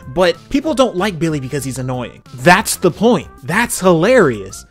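A young man recaps a cartoon episode in relaxed, slangy commentary and laughs at the jokes along the way. His voice sits a bit high and swings widely. Soft music plays faintly in the background. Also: normal speed. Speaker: video commentator. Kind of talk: casual commentary.

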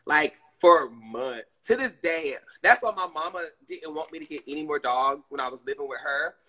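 A man's voice: fairly high pitch, moderate pace. A man from Georgia, chatting casually and telling stories on a live stream. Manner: chatty, expressive storytelling.

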